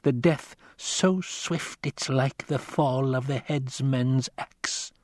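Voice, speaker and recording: A man voicing a menacing old woman who speaks slowly and commandingly, recorded dry and close. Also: mid-range voice, darkish tone, no echo, voice pushed up, lightly acted. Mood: stern, menacing. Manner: slow, stern, commanding. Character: menacing old female witch-like crone.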